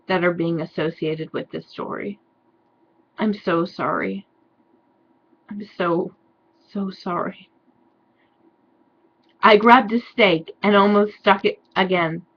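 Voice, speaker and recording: Young woman reading bad fanfic out loud, snarky, mock despair, kinda muffled. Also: medium pitch, takes it slowly, long pauses, slight background noise. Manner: sarcastic asides, mock-despairing. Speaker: reader of fan fiction. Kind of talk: comedic dramatic reading.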